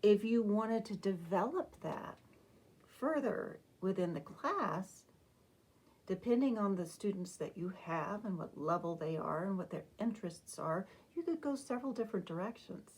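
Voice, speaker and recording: A woman's voice: expressive, darkish tone, husky. A woman music teacher, possibly middle-aged, patiently explaining a lesson to other teachers. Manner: slow, patient explanation that breaks into sung, high-pitched demonstrations. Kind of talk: instructional talk to teachers.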